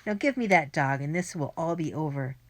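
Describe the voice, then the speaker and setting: A woman's voice: low-pitched, expressive, fairly quick. A woman reading an audiobook, voicing a bullying, greedy adult man who blusters, screams and wheezes. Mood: threatening. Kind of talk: audiobook character voice.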